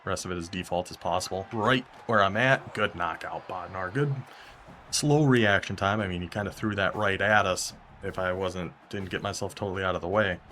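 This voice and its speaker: A young man commentating his own football video game as he plays, talking to himself and reacting with sudden excitement and frustration. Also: sits low, slight background noise. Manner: talks to himself while playing, quick bursts of excitement and frustration. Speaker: gaming YouTuber. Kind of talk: live gameplay commentary.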